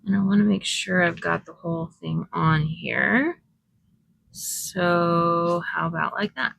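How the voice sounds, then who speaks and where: A woman narrates her crafting in an easy, unhurried way, musing aloud as she decides where each piece goes. Her voice is bright with a gravelly fry running through it, and she takes her time over every phrase. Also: lowish voice, low-quality recording. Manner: chatty, thinking aloud while working, soft laughs. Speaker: crafting vlogger. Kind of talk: casual crafting commentary.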